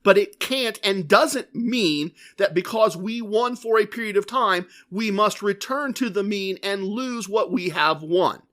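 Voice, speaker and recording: A man's voice: sits high, a little slow, hardly any pauses, sharp tone. A man hosting a podcast, telling a rambling, self-questioning story in a casual solo monologue. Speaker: podcast host.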